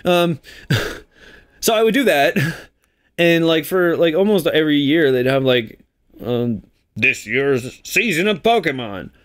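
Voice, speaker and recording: This young Canadian man has a fairly high voice and a measured pace. He co-hosts a let's play, giving casual, jokey commentary while he plays, animated and slipping into silly voices.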